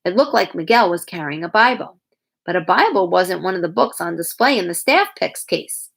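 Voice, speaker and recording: A woman's voice: lowish voice, moderate pace, creaky, husky. Woman reading a children's novel aloud. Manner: acts out characters with lively voices. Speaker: reader.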